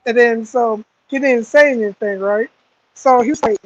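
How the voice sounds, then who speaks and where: A man's voice: very high-pitched, moderate pace, dull audio, slight background noise. A man with a Southern American accent telling a story in casual chat, acting out the voices of the people in it. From Southern United States. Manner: animated, acts out voices in stories. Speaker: guest fighter.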